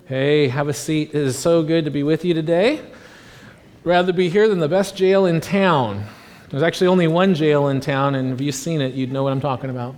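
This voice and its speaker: A man's voice: a little high, fairly even intonation, fairly quick, a little mellow. A man in his forties, a pastor giving a casual, joking sermon full of fillers and asides. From United States. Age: 40s. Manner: joking, rambling with many fillers. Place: church hall. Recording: long hall reverb.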